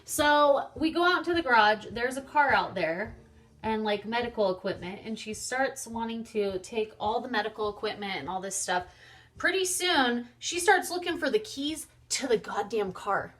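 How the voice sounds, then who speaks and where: A woman's voice: a little high, animated, normal speed, pushed and bright. A young woman vlogger chatting casually and animatedly through a storytime, swearing freely. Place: home, getting ready on camera.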